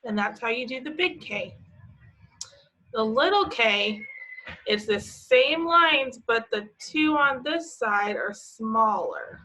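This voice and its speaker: A young woman leads a preschool lesson in a bright, slightly high voice. She speaks very slowly and patiently, putting simple questions to the children and encouraging them as she answers. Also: lively intonation, low-quality recording. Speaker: preschool teacher.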